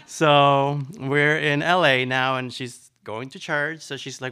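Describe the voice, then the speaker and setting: A middle-aged man from Nicaragua telling his life story in an interview, chatty and animated, with lots of fillers. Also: mid-range voice, moderate pace, vocal fry, few pauses, smooth. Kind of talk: personal storytelling.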